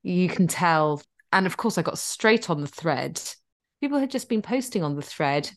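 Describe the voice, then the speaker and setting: A middle-aged podcast co-host speaks at normal speed with a voice on the low side. During casual chat she tells a story with energy, performing the quotes herself.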